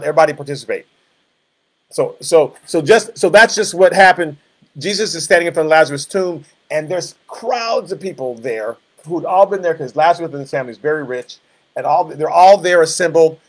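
Guy teaching bible study, bit higher voice, reads verses then chats about them. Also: animated, brisk. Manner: reads scripture then explains it in casual asides. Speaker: pastor.

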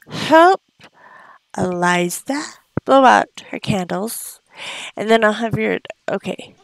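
Woman doing laid-back game commentary, slow and swoopy, dry close sound, coos at her little sims. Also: medium pitch, big pitch swings, creaky, no room sound, soft background music. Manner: chatty, coos and squeals at game characters; gasps often. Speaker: let's play host. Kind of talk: casual gameplay commentary.

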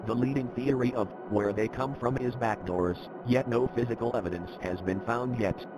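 A man's voice: medium pitch, steady tone, moderate pace, over music, natural voice, low-quality recording. A man narrating a formal training briefing in scripted narration.

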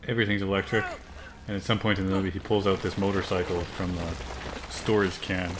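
A man's voice: low-pitched, little pitch movement, fast talker. A man co-hosting a gaming podcast, making dry teasing jokes and laughing along. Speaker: podcast co-host watching and advising. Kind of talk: casual gaming chat.

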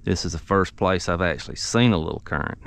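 A man, a fishing charter captain talking through his catch on a boat outdoors, excitable and repeating himself. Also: sits low, fast, vocal fry. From Gulf Coast of the United States. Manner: excitable, drawling, repeats phrases. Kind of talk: fishing vlog commentary.

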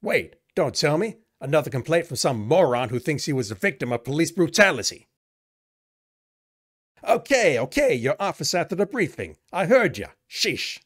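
A man voicing a brash, defensive young woman police officer in a shaky put-on accent, snapping back loudly. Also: fairly high pitch, big pitch swings, moderate pace, slightly rough, pitched above the performer's own voice, exaggerated voice. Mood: exasperated. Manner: loud, snappy, exasperated.

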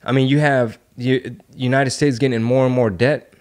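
A man's voice: medium pitch, fairly even intonation, moderate pace, a little mellow. Man ranting with rhetorical questions. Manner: heated rhetorical questions, street slang. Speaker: podcast host. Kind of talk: casual podcast chat.

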